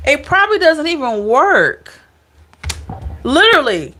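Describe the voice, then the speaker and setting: A woman's voice: high voice, animated, a little slow, a bit bright, a little hiss or hum. A woman giving a casual tarot reading, chatty, blunt and playful, speaking straight to her viewers. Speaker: tarot reader.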